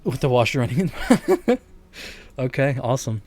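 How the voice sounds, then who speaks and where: A man's voice: mid-range voice, lively intonation, moderate pace, a little mellow. Chatty man with a slight Southern drawl. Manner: rambling, chatty, laughs often, talks to chat. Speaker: game streamer. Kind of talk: casual gaming stream chat.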